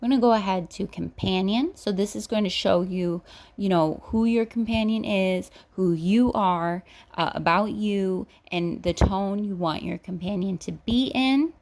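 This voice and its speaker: A woman's voice: mid-range voice, unhurried. Woman vlogger, chatty and upbeat, walks viewers through an app review. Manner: excited, chatty, addresses viewers directly. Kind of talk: casual screen-walkthrough chat.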